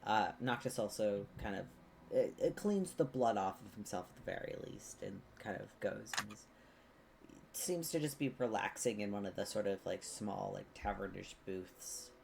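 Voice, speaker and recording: Gravelly-voiced game master narrating. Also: male voice, on the low side, animated, normal speed, a little mellow, slight background noise. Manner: rambling, hesitant narration with many fillers.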